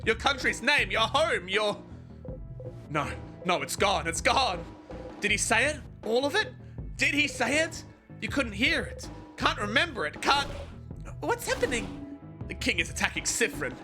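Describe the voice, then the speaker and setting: A streamer playing a story game live, reading its narration aloud with dramatic flair and breaking into loud, excited outbursts. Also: medium pitch, unhurried. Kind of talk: live let's-play commentary, reading game text aloud. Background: game music.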